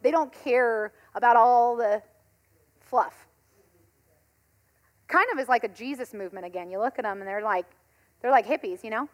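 A woman in her thirties, a pastor giving a conversational sermon, telling stories in an animated way and laughing often. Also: fairly high pitch, normal speed, long pauses.

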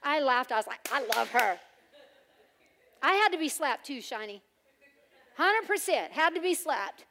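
A woman preaching a sermon, loud and emphatic with playful humor. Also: high voice, very animated, moderate pace, slight background noise.

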